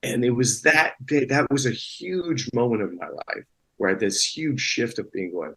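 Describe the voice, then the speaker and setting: Husky rambling actor guest. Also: male voice, lowish voice, a little slow, bright, forceful tone, poor audio. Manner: rambling, many restarts and fillers. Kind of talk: casual interview chat.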